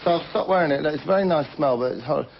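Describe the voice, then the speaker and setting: A man's voice: a little high, racing, gravelly. Cheeky male comic host, rambling monologue; dull, hissy vintage TV audio. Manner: cheeky, rambling, tall tales with asides to the audience. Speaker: comedy show host. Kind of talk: stand-up monologue in character. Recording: muffled old TV recording with hiss.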